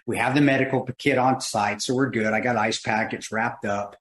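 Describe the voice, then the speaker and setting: A man's voice: medium pitch, normal speed. Laughing man telling war-story jokes. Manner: animated, laughs while telling stories. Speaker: guest. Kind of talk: casual storytelling. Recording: roomy echo.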